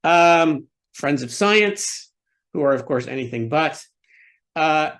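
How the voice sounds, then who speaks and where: A man giving an academic webinar presentation, explaining his research method and data in a measured way with dry asides. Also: a little high, expressive, fairly bright tone.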